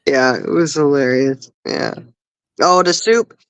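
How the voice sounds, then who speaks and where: A woman's voice: deep voice, animated, takes it slowly, clear, resonant tone, dry recording, poor audio. Giggly woman chatting on a livestream. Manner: giggly storyteller, laughs often. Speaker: livestream co-host. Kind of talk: casual chat.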